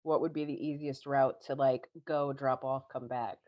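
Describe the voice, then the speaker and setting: A woman's voice: extremely low pitch, steady tone, moderate pace, highs cut off. A woman playing in a tabletop role-playing game, asking practical questions about the plan. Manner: inquisitive, asks planning questions. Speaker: player. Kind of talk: tabletop role-play chat.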